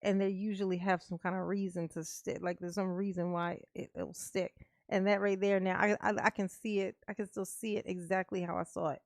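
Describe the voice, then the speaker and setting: Woman, live reaction stream, casual chat, frequent laughter, mid pitch, dry close sound. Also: level tone, fairly quick, no echo. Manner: laughs a lot, chatty, talks to chat. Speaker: streamer reacting to a court livestream.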